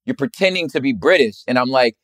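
A man's voice: medium pitch, expressive, fast talker, a bit bright, dry recording, studio quality. A man who is a rapper, guesting on a podcast, talking in laid-back slang. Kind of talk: casual chat.

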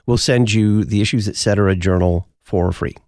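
A man's voice: lowish voice, measured pace, darkish tone, no room sound, clean studio sound. A man hosting a talk radio show, answering listener mail in an emphatic, preacherly way.

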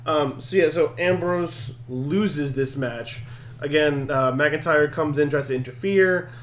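A man hosting a podcast, recapping events in a casual, animated and jokey way. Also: fairly high pitch, unhurried, a little hiss or hum. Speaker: podcast host. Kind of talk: casual wrestling recap chat.

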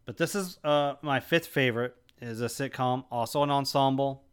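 A man's voice: mid-range voice, normal speed, smooth. Easygoing man podcast co-host. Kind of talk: casual chat.

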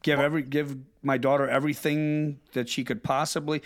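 A man's voice: on the high side, a little fast. Blunt, profane middle-aged man. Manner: blunt, profane storytelling with lively impressions. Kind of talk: casual chat.

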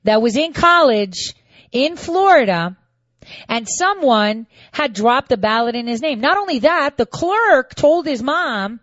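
A woman's voice: high-pitched, expressive, measured pace, a bit bright, no echo, dull audio. A woman hosting her own online show, giving combative political commentary and mocking her opponents while speaking straight to her viewers. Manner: mocking, indignant, addresses viewers directly.

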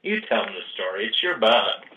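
A man, casually telling a hunting story with lively acted-out dialogue. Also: on the low side, a little fast, narrow, tinny audio, slight background noise. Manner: animated storyteller, acts out quoted dialogue.

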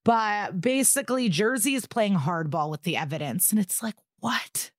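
In clean, echo-free studio sound, a medium-pitched woman speaks at a moderate pace as she co-hosts a podcast. Chatting casually, she recaps an episode with lively energy, performing characters' quotes and throwing in some swearing.

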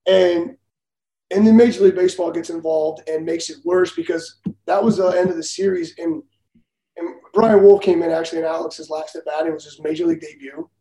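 A man, a former major league pitcher, telling blunt, profane stories in a casual talk and laughing often. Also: steady tone, brisk, dark tone, roomy sound, rough recording. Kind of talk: casual storytelling.

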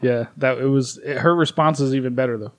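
A man co-hosting a casual podcast, easygoing and quick to laugh, recorded on a phone. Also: mid-range voice, fairly even intonation, no echo. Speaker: podcast co-host. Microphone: phone in selfie mode.

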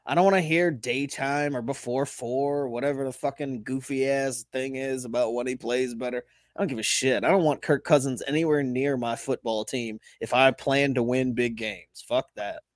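A man's voice: medium pitch, fairly even intonation, normal speed, hardly any pauses, dry recording, studio quality. A man co-hosting a casual sports podcast, ranting bluntly and swearing freely. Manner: profane, blunt rants. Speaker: podcast co-host.

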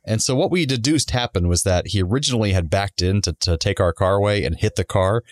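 A man on a podcast casually telling a long personal story, animated, acting out the people he quotes. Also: lowish voice, fast talker, no echo, clean studio sound. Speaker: podcast co-host.

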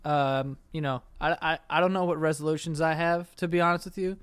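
A man's voice: a little high, steady tone, a little fast, clean tone, no echo, clean studio sound. A young man co-hosting a podcast in a laid-back way, swearing casually and laughing often. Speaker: podcast co-host. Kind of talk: casual chat.

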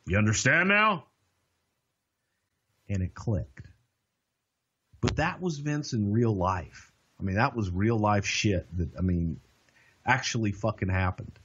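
A man's voice: on the low side, animated, measured pace, pauses often, fairly bright tone, husky. An older man casually telling a long story on a podcast, acting out other people's lines. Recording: dull lo-fi podcast audio.

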